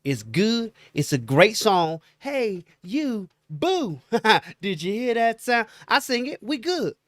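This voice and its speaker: Lively high-voiced man telling stories. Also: measured pace, no echo, clean studio sound. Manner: animated storyteller, acts out quotes, slangy. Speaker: podcast co-host. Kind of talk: casual chat.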